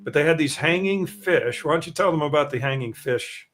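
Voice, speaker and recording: A man's voice: on the high side, a bit bright. A man hosting a live stream show, chatting casually and teasing his co-hosts. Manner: chatty, jokey, quick to tease. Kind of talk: casual chat.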